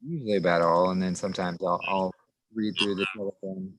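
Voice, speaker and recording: A man in relaxed casual conversation, speaking in an easygoing way with fillers, outdoors in a forest. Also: low voice, brisk, no room sound, poor audio. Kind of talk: casual chat.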